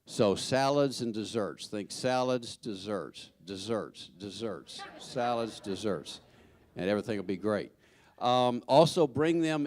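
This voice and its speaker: A man reads out church announcements in a chatty, joking manner, often stopping on fillers and restarting his sentences. His voice sits at an everyday middle pitch. The sound is dry and close, with no room echo. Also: darkish tone. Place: church sanctuary.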